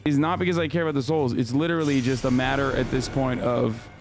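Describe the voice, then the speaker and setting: A man streaming a video game and chatting with viewers, hoarse from screaming, frustrated and swearing, often restarting his sentences. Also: medium pitch, fairly even intonation, fast talker, soft background music. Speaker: live streamer. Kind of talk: casual gaming stream chat.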